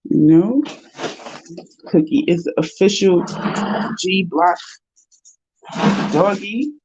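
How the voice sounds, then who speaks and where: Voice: medium pitch, drawn-out words, a little mellow, husky, dry recording. A host chatting casually with livestream viewers, talking to the viewers and to pets along the way. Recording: dull lo-fi sound.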